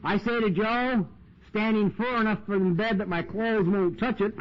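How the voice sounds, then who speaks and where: A man's voice: high-pitched, steady tone, moderate pace. A man speaking at a recovery meeting, telling stories in a chatty way with lots of "you know" and "man", recorded on an old tape. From United States. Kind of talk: recovery talk storytelling. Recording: dull lo-fi 1990s tape with hiss.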